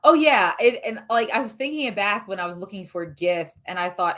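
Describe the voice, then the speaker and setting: A woman's voice: medium pitch, normal speed, hardly any pauses, sharp tone. A woman co-hosting a casual movie review chat, talking loosely and often hunting for the right word. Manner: searches for words, chatty, laughs often. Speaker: podcast co-host.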